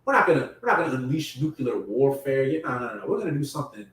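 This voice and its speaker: A man's voice: mid-range voice, big pitch swings, fast talker, far from the mic. Impassioned preacher man, echoey room. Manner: impassioned, rising to loud emphatic peaks; casual street slang. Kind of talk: sermon.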